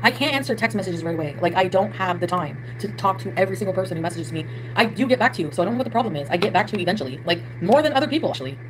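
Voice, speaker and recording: A woman's voice: on the low side, lively intonation, very fast, few pauses, noisy background. A young woman vlogging, rambling, swearing and venting about her trip and her friends. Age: young adult. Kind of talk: emotional confessional vlog. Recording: clip with music behind.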